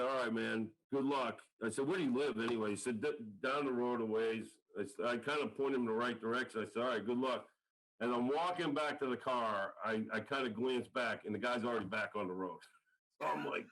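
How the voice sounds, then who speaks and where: A middle-aged man who coaches the line for a college football team is a guest on a casual podcast, telling a story and performing the quoted parts. His mid-range voice has a fairly bright tone, and the recording is rough.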